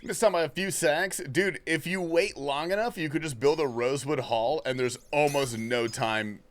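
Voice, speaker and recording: A young man with a slightly high voice talks at a moderate pace on a gaming livestream. Laid-back, slangy and profane, he reads messages from his chat and answers them casually.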